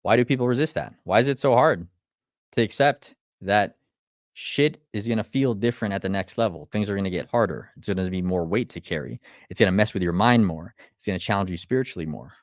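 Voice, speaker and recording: Profane, blunt man with a low voice. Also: brisk, no echo, clean studio sound. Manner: blunt and profane, firing rhetorical questions; restarts and stumbles when fired up. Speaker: motivational speaker. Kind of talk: live motivational talk.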